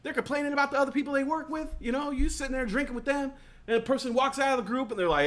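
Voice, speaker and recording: Profane rambling man, fairly high voice. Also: racing, fairly bright tone. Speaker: talk show host. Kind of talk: casual comedic storytelling.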